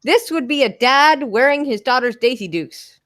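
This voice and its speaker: Brief: woman host of a casual live-stream chat, higher voice, dry and sarcastic, swears freely. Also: animated, normal speed, fairly bright tone. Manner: dry, sarcastic-sounding delivery with frequent swearing. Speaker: podcast host.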